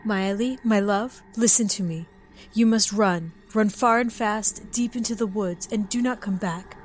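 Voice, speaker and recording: A woman's voice: fairly high pitch, measured pace, soft background music, close to an everyday voice. A woman voicing a desperate young village mother in a fantasy audiobook, urgent and fervent as she pleads.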